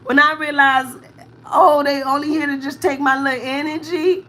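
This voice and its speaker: Woman, 30s, bright forceful voice; candid live-stream venting to viewers. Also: high voice, fairly even intonation, moderate pace. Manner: candid, venting, thanks commenters, near tears at times. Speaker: vlogger, mother of four.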